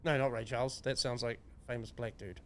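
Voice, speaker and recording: Talking fast in a medium-pitched, fairly even voice, this New Zealand-accented podcast co-host trades crude banter, ranting and joking with sweary sarcasm.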